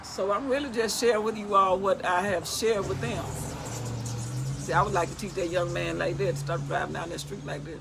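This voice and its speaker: A woman's voice: lowish voice, fairly quick, creaky, background noise. A middle-aged woman reading and explaining the Bible in a casual, talkative way, retelling the scripture in everyday speech. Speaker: Bible teacher.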